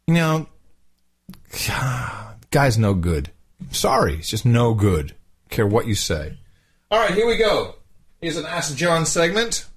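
A man's voice: fairly high pitch, slightly rough. A man co-hosting a podcast in casual chat, ranting and exclaiming. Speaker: podcast co-host.

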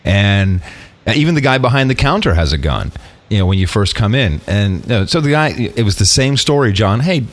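A man co-hosting a podcast talks in a casual chat. His lowish voice swings widely in pitch as he tells stories. He is animated and swears freely. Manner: animated, swearing, quick to laugh. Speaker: podcast co-host.

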